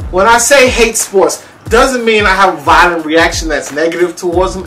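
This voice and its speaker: A man hosting a casual comedic vlog to camera, self-mocking, laughing often and jumping up high in pitch for emphasis. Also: normal speed, hardly any pauses, a bit bright, soft background music. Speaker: vlogger.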